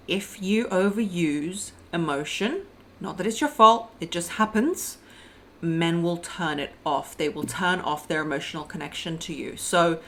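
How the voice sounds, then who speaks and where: A young adult woman coaching on dating in a blunt, emphatic advice monologue, calling her listeners "my loves" and "girl". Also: fairly low pitch.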